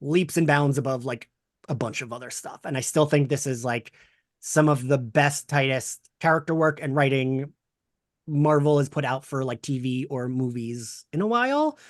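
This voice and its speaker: A man hosting a casual podcast chat, talking in a rambling, animated way with lots of fillers. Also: mid-range voice, moderate pace, no room sound, clean studio sound. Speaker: podcast host.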